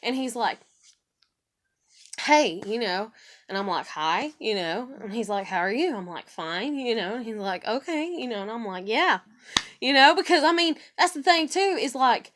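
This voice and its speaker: A woman's voice: a little high, lively intonation, brisk, a bit bright, a little hiss or hum. A woman vlogging a casual, irritated rant, swearing often and acting out conversations in quoted voices.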